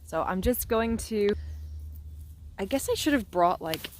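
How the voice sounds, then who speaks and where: A woman rambles in a whimsical, chatty way as she walks outdoors, speaking with a put-on British accent. Her pitch sits in the middle of the usual range. Faint nature ambience drifts behind her. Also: expressive, unhurried, slight background noise. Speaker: nature vlogger. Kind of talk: casual walking vlog. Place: outdoors in the woods.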